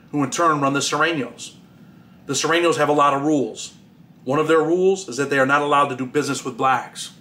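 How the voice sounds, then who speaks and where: A man's voice: on the high side, pushed and bright, slight background noise. A man, the author, reading his own memoir aloud in a plain storytelling way with dry asides.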